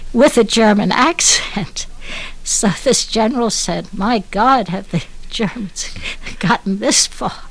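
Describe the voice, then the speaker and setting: Older woman with a gravelly voice, reminiscing. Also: medium pitch, slow, slight background noise, low-quality recording. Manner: chatty storyteller who laughs while recalling. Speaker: interviewee. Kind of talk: recalling memories in an interview.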